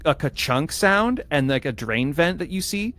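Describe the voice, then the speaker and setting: A man's voice: fairly high pitch, expressive, normal speed, fairly bright tone. A man narrating as game master, explaining the scene carefully with frequent hesitations and restarts.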